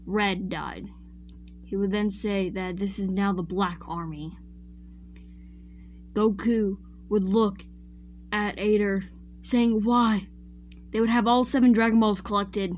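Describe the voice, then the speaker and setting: A woman's voice: medium pitch, a little mellow, a little hiss or hum. A woman casually retelling a fan-made what-if story, rambling and often correcting herself mid-sentence while chatting to viewers. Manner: chatty, addresses viewers directly.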